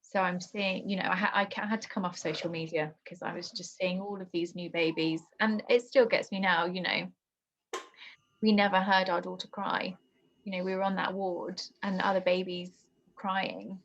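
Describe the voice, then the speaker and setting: A young woman telling a painful personal story in conversation, halting and emotional with many restarts. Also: on the low side, steady tone. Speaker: guest. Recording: dull lo-fi podcast audio.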